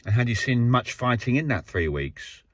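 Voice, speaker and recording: A man's voice: medium pitch, sing-song, moderate pace, no room sound. A man with a Norfolk accent, a paranormal investigator asking curious, short questions in a casual chat. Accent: Norfolk English. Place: indoors in a pub.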